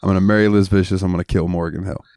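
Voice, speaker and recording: A man with a fairly low voice chatting on a podcast, relaxed and rambling as he hunts for names. He laughs easily. The recording is close and dry. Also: rapid-fire, no echo. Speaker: podcast co-host. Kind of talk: casual chat.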